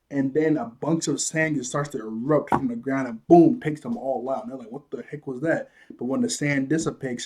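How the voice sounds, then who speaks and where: Husky man recapping with laughs. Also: mid-range voice. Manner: animated retelling, acts out quotes, laughs often. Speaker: show reviewer. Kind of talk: casual episode recap.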